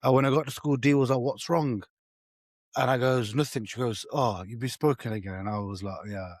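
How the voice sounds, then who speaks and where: A man's voice: mid-range voice, fairly quick, no room sound. Slangy man on a dry mic. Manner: slangy, animated storyteller, swears freely. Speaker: podcast co-host. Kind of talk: casual storytelling chat.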